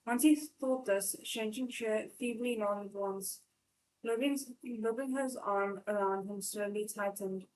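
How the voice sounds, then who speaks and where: A woman's voice: mid-range voice, fairly even intonation, slow pace, darkish tone, low-quality recording. A woman hosting a live read-along of a novel, narrating steadily with frequent small slips and restarts. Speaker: channel host and reader.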